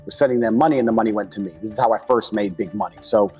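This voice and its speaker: A man's voice: lowish voice, very fast, darkish tone, dull audio, faint music behind. A man talking bluntly and crudely, hammering his points by repeating them. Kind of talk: casual talk.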